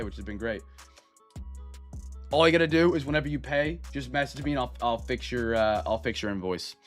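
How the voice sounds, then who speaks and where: A man's voice: medium pitch, fairly bright tone. A young man hosting a live card break stream, chatting upbeat with viewers, greeting them by name and stretching out hype calls.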